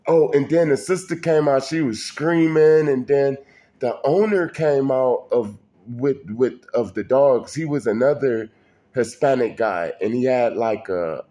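Slow-talking man telling a story. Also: mid-range voice, warm tone. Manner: colloquial, addresses listener directly, frequent restarts. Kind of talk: casual personal storytelling.

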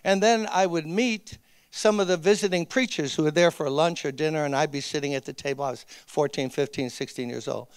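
Male pastor, conversational sermon, high voice, dry close sound. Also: a little fast, smooth, dry recording. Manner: earnest and conversational, with emphatic repeated appeals. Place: church, speaking to a gathering of ministers.

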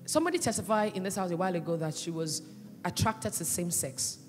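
A woman pastor preaching a sermon with passion, swinging between loud cries and hushed asides. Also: fairly low pitch, big pitch swings, fast talker. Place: church hall. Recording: echoey church hall, with faint music.

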